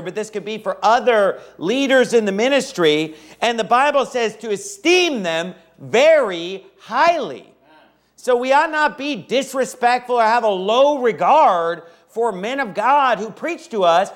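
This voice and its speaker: A man's voice: very high voice, lively intonation, a little slow. A man preaching a sermon, reading scripture aloud and emphatically repeating his key points.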